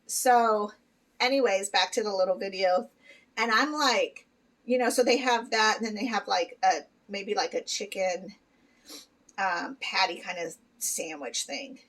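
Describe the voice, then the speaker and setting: A middle-aged woman chatting candidly to her viewers in a casual vlog, full of fillers and quick laughs. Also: mid-range voice, fairly bright tone, recorded from a distance, low-quality recording. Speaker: vlogger. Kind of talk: casual chat to camera.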